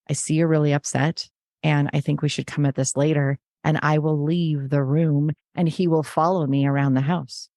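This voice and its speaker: A woman's voice: sits low, a little mellow, dry recording, clean studio sound. A middle-aged woman speaking as an interview guest, earnest and reflective, often acting out remembered conversations in her telling. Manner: earnest, acts out remembered dialogue.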